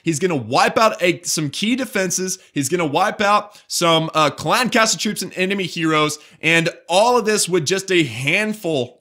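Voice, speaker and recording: A man's voice: high voice, bright, forceful tone. A man commentating game replays for his channel's viewers, enthusiastic and chatty, calling them guys. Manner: enthusiastic, addresses viewers as guys, frequent restarts. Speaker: gaming YouTuber commentating war replays.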